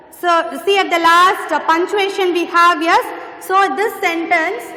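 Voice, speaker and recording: A woman's voice: very high voice, slow, sharp tone. A woman teaching an English grammar lesson, patiently repeating phrases as she explains. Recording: echoey room with long reverb.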